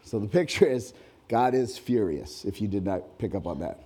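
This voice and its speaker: A man preaching a sermon in a church hall, animated, rising loud and high whenever he reads scripture aloud. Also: normal speed, breathy edge. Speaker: pastor.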